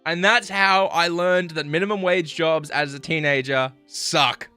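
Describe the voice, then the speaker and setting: An Australian man telling an animated, crude, self-mocking story to his livestream chat. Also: a little high, a little slow, clear, resonant tone, soft background music. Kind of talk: casual storytelling to stream chat.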